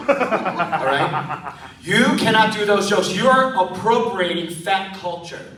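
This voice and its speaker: A man's voice: high-pitched, animated, takes it slowly, background noise. A comic putting on a big blunt scolding guy. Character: big tall gruff man scolding. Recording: roomy, distant live club recording.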